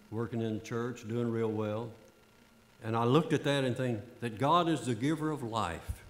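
Older preacher in an echoey church. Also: male voice, lowish voice. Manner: fervent, repeats phrases for emphasis. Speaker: pastor. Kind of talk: sermon. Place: church sanctuary.

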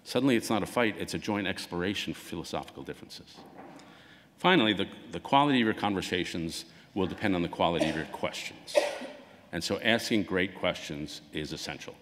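A man's voice: sits low, brisk, a little hiss or hum. A man giving a conversational public talk as an author, acting out quoted dialogue as he goes. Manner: conversational, acts out quoted dialogue with lively swings. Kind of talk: public lecture. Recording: long hall reverb.

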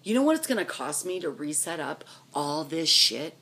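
A woman's voice: low voice, sing-song, normal speed, pushed and bright, slightly rough. A middle-aged woman ranting furiously and profanely at her husband, firing off angry questions. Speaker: vlogger. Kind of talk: angry rant to camera.

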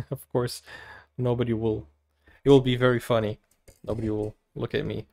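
A man from Brazil, hosting casual movie reaction commentary, chatty and giggly, with animated exclamations. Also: medium pitch, normal speed, vocal fry.

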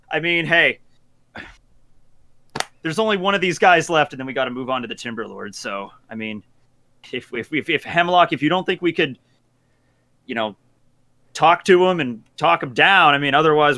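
A man's voice: on the high side, expressive, normal speed, pauses often, pushed and bright. A man playing in a tabletop game, chatting loosely and joking with the game master. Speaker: player. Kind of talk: casual tabletop play.

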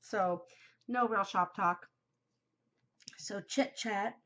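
A woman's voice: mid-range voice, extremely slow, a bit bright. Chatty, gushing woman podcast host. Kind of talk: casual chat. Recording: muffled lo-fi home recording.

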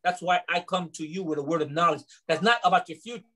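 A middle-aged pastor from New York, telling stories in a fairly high voice. He teaches through personal testimony and acts out the dialogue of each scene. The talk is lively and conversational, like a small-group sermon. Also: quick pace, rough recording. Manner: animated storyteller, acts out dialogue.

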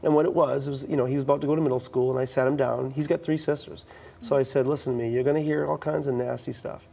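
A middle-aged man from the US East Coast tells stories in a talk-show interview, and his voice has a gravelly texture. His pitch sits in the ordinary middle range for a man. He talks animatedly, restarts his sentences often, and acts out the lines of the people in his stories. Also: fast. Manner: animated, acts out quoted dialogue, frequent restarts. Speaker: youth speaker.

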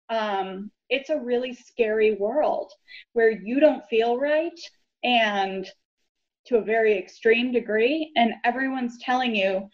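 A woman guest, a lawyer, telling her story in an earnest, low-key way during a casual interview chat. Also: slow pace. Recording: dull lo-fi audio.

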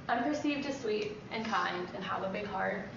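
A woman's voice: mid-range voice, lively intonation, normal speed, gravelly. A woman, a mother and reality show contestant, doing a pro wrestling promo, hesitant and then fierce with swearing. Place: large echoey house interior. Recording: echoey dull livestream audio with noise.

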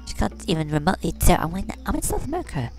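A woman's voice: medium pitch, sing-song, very fast, music in the background. A woman voicing a vain, catty fashion doll who talks in valley-girl slang and brags while commenting on a game. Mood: boastful. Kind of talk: comedic game commentary in character.

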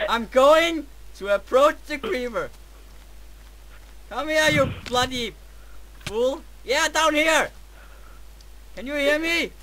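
High-voiced Danish man yelping at a game. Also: animated, takes it slowly, pauses often, low-quality recording. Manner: dramatic, yelps and shouts at the game. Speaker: gameplay video host. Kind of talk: excitable gameplay commentary.

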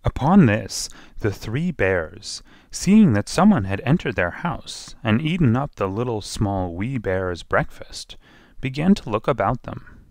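A man's voice: on the low side, big pitch swings, unhurried, a little mellow, no room sound, studio quality. A man narrating a children's storybook expressively, drawing out repeated phrases.

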